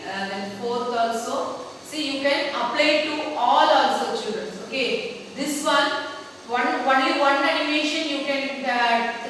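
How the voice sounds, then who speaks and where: A woman's voice: high-pitched, fairly bright tone. A woman teacher with an Indian English accent, giving a computer lesson to children and checking in with them constantly. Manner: addresses pupils as children, repeats okay and see. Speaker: schoolteacher. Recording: echoey room, far from the mic, faint noise.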